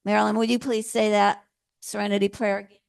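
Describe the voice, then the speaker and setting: A woman minister giving a sermon in a gentle, playful way, laughing often. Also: medium pitch, flat delivery, quick pace, vocal fry, clean tone, dry recording, studio quality.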